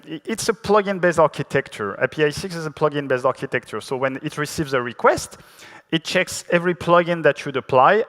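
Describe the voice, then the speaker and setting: Long reverb from a large conference hall surrounds a high, fairly bright male voice. He's a conference speaker from France with a French accent, presenting technical material in a casual, self-mocking style full of fillers and restarts.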